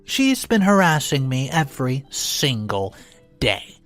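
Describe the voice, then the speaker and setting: A man narrating a first-person story aloud in an expressive, animated way. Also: medium pitch, takes it slowly, faint music behind.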